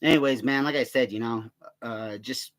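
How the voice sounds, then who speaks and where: Young adult male vlogger, mid-pitched voice, loose profane rant, slips into higher voices to act out others. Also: moderate pace. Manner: profane, rambling, quotes others in raised voices. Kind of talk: casual rant to camera.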